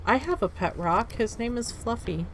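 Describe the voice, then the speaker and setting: Lively, animated woman streamer in her thirties. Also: fairly high pitch, moderate pace, a little hiss or hum. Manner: animated and chatty, reacts loudly to the game. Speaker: streamer playing a game. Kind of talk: casual live-stream chat.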